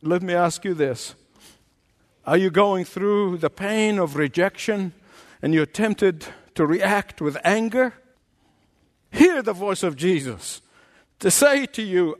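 A man's voice: sits high, expressive, slow pace, in a large hall. A man preaching a sermon as a pastor, with passionate delivery and frequent rhetorical questions to the congregation.

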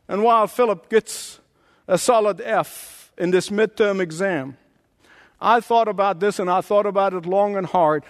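A male pastor preaches with a high-pitched voice, swinging from booming lines to hushed ones. His words carry with a long reverb, as in a large hall. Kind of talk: sermon.

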